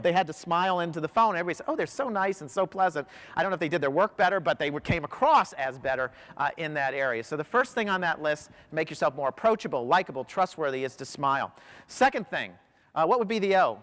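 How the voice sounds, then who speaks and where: Lively high-voiced man speaking in a hall. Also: quick pace. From United States. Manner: animated storyteller, quizzes the audience. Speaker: professional speaker. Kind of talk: motivational keynote talk to a large audience. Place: large hall. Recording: long hall reverb.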